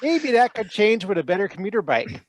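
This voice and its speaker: A man's voice: sits high, big pitch swings, a little fast, raised voice, a little hiss or hum. Man reading a listener email aloud. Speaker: podcast co-host.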